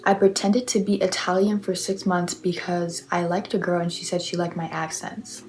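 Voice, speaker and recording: A young woman casually reading online confessions aloud and reacting with chatty, sarcastic asides. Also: on the low side.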